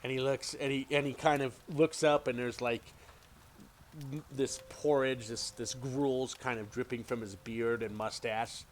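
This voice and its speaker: A man's voice: medium pitch, level tone, a little slow, slight background noise. A man narrating a tabletop game as game master in a casual, hesitant way. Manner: casual, hesitant, many fillers.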